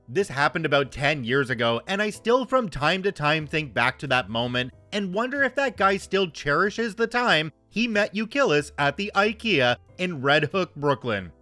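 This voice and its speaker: Narrating online stories casually, this man in his thirties throws in wry jokes as he reads. His voice runs high with big pitch swings, pushed and bright, at a moderate pace with few pauses. There's no room sound, just faint music behind him.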